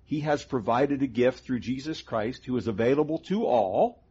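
Husky middle-aged male Bible teacher, earnest and methodical, on a dull lo-fi recording. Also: mid-range voice, animated, normal speed, dark tone. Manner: earnest, explains doctrine step by step. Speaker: co-host of a Christian teaching show. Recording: dull lo-fi sound.

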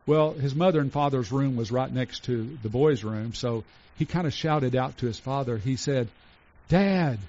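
Male pastor mid-sermon, earnest, with deliberate emphasis and a mid-range voice; dull, lo-fi recording. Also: mid-range voice. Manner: earnest, slows to stress lists, drops soft for tender points.

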